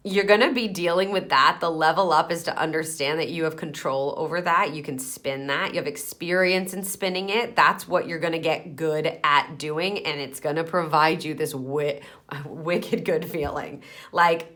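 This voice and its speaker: A woman's voice: low-pitched, animated, a little slow, fairly bright tone. A woman giving an encouraging pick-a-card tarot reading, chatting loosely and thinking aloud with fillers.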